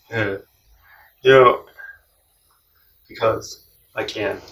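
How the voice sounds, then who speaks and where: A man's voice: on the low side, distant mic. A man telling stories casually, laughing often and acting out the people he quotes. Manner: animated, laughs often, acts out quoted voices. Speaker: cross-country traveller. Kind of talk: casual storytelling. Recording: roomy, from off-mic.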